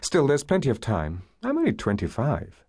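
A man voicing a bright, earnest twenty-five-year-old woman who loves studying, speaking in a raised, lively voice. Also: mid-range voice, normal speed, slightly rough, pitched above the performer's own voice, full character voice. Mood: eager. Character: bright young woman of 25, eager student.

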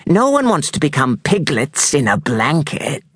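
A man's voice: on the high side, wildly swooping pitch, measured pace, a bit bright, slightly rough, dry recording, studio quality, pitched above the performer's own voice, heavily acted. A man putting on a harsh old witch. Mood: mocking. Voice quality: harsh grating voice. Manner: mocking, sneering. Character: greedy creased old witch woman, menacing.

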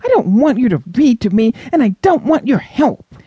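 A man voicing a whiny, excitable little boy in an audiobook, in a high, whining voice. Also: moderate pace, breathy edge, no echo, exaggerated voice. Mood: angry. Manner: high-pitched and whining, cries out. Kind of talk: audiobook character voice.

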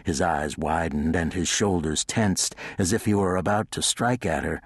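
Low husky male narrator, dry close read. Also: moderate pace, few pauses, no room sound. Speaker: audiobook narrator. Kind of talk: scripted narration.

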